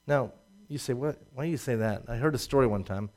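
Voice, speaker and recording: A man preaching a sermon, swinging from loud emphatic rises to low asides and laughing at his own jokes. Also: fast. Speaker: pastor.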